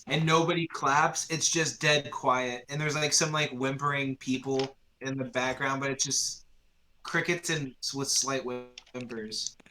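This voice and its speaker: A man's voice: medium pitch, steady tone, unhurried, sharp tone. A man narrating a tabletop game as its game master, in loose storytelling full of fillers. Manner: loose, filler-heavy storytelling with sung sound effects.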